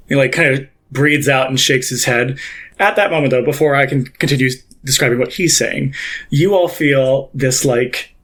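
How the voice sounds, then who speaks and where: A man's voice: medium pitch, moderate pace, fairly bright tone. A young man narrating as game master, improvising in a rambling way full of fillers.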